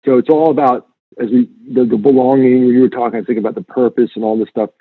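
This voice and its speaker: A man speaking as a guest in an interview, earnest and emphatic, telling stories with lively repetition. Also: medium pitch, quick pace, no echo. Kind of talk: conversational interview. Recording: tinny phone-line sound.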